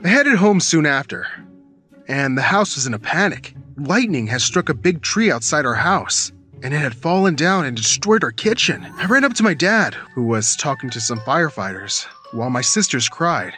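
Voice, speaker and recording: A man narrates a first-person storytime tale in a fairly high, animated voice. He tells it dramatically and breaks into shouted lines, with faint music playing behind him. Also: moderate pace. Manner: dramatic, bursts into shouted quotes.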